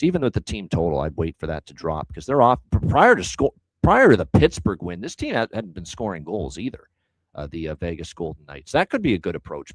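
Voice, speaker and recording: Low-voiced emphatic betting show host. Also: male voice, dry recording, poor audio. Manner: emphatic, talks picks through at length. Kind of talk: casual sports betting analysis.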